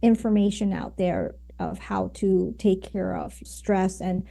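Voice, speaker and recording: This guest is a communication coach, a woman being interviewed in a conversational style. She speaks at an unhurried pace in a mellow, gravelly, medium-pitched voice, filling her explanations with fillers and tag questions.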